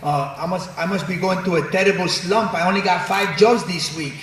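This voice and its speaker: A man voicing a stern, hardworking immigrant father with a gruff, scolding delivery. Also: high voice, a little fast, fairly bright tone, very echoey, distant mic. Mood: grumbling.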